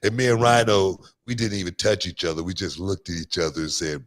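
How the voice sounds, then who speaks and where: A man's voice: low-pitched, a little fast, few pauses. A man from Houston hosting a casual show, telling wrestling stories in a rambling way, full of fillers and laughter. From Houston, USA. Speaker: podcast host, former wrestler. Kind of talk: casual chat.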